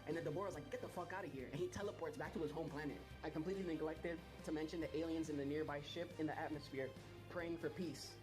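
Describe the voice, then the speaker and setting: A man rattling off a fast, profane rant full of mockery and exaggerated retellings. His delivery is quick and brash. Music plays behind his voice. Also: a little high, steady tone. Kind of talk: ranting commentary.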